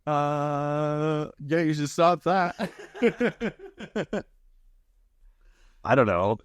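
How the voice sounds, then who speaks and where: A man co-hosting a podcast in casual chat, laughing often and acting out quoted lines in higher voices. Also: animated, extremely slow, clean tone, no echo, studio quality. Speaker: podcast co-host.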